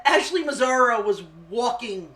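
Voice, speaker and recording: A woman's voice: a little high, animated, fairly bright tone. A woman co-hosting a casual chat, telling stories full of swearing and laughter. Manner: swearing, laughing storyteller with quick asides.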